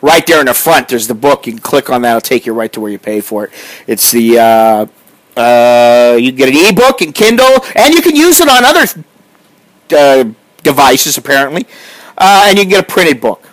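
A man's voice: medium pitch, sing-song, normal speed, poor audio. A middle-aged man from the United States, ranting in a profane, combative vlog monologue. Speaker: vlogger.

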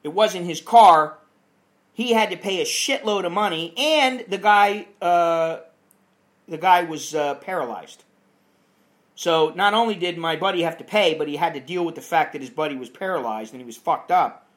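A man's voice: sits high, moderate pace, a bit bright. A man from the United States talking in a casual, blunt monologue, swearing freely as he complains. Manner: blunt and profane, heavy swearing.

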